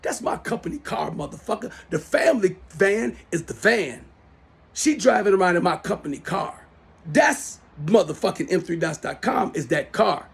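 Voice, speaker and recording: A man's voice: high-pitched, lively intonation, moderate pace, creaky, breathy edge. A middle-aged man delivering a heated, profane, repetitive rant into his smartphone as the host of his own show. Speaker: self-styled show host. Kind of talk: angry rant to camera.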